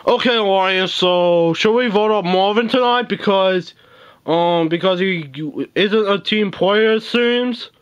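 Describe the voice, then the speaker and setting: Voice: medium pitch, slow, clean tone, muffled recording, voice pushed down, natural voice. Performer as hesitant plotting plush contestant, lots of ums, homemade puppet drama. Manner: hesitant, filler-heavy.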